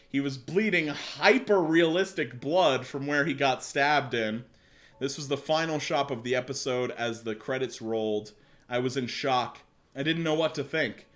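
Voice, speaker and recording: A man's voice: medium pitch, fairly bright tone. A young man streaming live, reading a story aloud and breaking off to joke, laugh and talk to his chat. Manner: laughing, mocking, swearing, talks to chat. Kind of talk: casual reading with joking asides.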